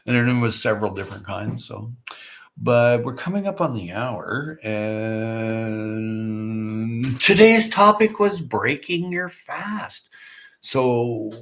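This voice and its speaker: A man's voice: mid-range voice, fairly bright tone. A middle-aged man hosting a casual livestream, chatting in a rambling, folksy way full of fillers and restarts. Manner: rambling, folksy, with many fillers and repeated starts. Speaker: livestream host. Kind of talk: casual chat reading viewer comments.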